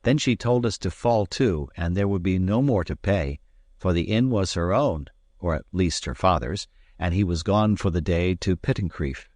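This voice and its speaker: A man narrating an adventure novel as an audiobook, in a measured, expressive storytelling manner. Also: deep voice, no room sound, studio quality. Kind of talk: scripted narration.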